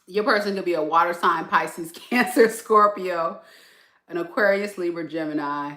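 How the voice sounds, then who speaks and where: A woman's voice: on the low side, normal speed, a bit bright, roomy sound. A tired woman tarot reader, chatting casually and laughing in sassy slang during a live reading.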